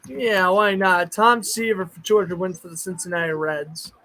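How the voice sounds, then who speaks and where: A man hosting a casual livestream, chatting and thinking aloud, with sudden bursts of excitement. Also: high voice, normal speed, low-quality recording. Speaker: streamer host.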